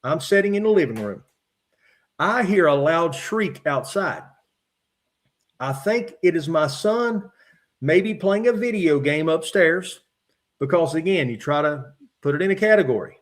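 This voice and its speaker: A middle-aged man from Virginia, a podcast guest calmly recounting his own encounters from his notes with frequent "uh" fillers. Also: a little high. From West Virginia. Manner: measured, matter-of-fact retelling with frequent "uh" fillers. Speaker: podcast guest, former state trooper.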